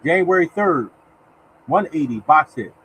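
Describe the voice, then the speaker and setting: A man's voice: on the high side, animated, a little slow, breathy edge, poor audio. A man hosting a casual live lottery stream, chatting with viewers, greeting them by name and reading out winning numbers. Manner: mutters softly to himself while searching. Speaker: lottery show host.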